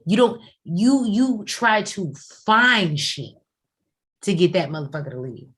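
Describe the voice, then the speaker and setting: A woman's voice: medium pitch, sing-song, unhurried, fairly bright tone, husky. A woman in her forties co-hosting a casual review chat, blunt and profane. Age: 40s. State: tired, coughing. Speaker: co-host.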